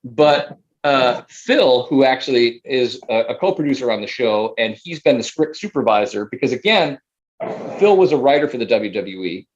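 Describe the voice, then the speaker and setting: Excited guy, theater producer, chatty, says like and man a lot, muffled lo-fi sound. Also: mid-range voice, moderate pace. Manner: enthusiastic, casual, full of "like" and "man". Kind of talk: casual interview.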